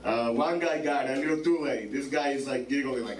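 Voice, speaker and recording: A man's voice: medium pitch, a little fast, recorded from a distance. A man doing a stand-up set at a bar open mic, rambling and swearing, filling lines with "like" and "man". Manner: profane, rambling, repeats "man" and "like". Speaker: stand-up comedian. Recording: roomy bar from afar, crowd noise.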